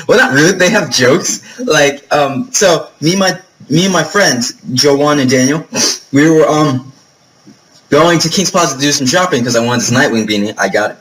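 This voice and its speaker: Young guy from new york rambling to the camera, kinda high voice, swears a lot, lots of ums. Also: a bit bright, rough recording. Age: young adult. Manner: chatty, profane storytelling with lots of fillers. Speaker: vlogger. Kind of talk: casual vlog monologue.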